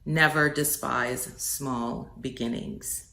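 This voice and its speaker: Low-voiced earnest woman, motivational message. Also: steady tone, slow, vocal fry, pushed and bright, echoey room. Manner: earnest, preacherly, swells on key words. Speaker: inspirational speaker.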